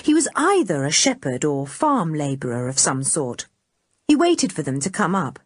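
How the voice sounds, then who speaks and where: A woman narrating a children's adventure audiobook, reading in a measured storytelling way. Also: low-pitched, big pitch swings, no echo. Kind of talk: scripted narration. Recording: dry close studio recording.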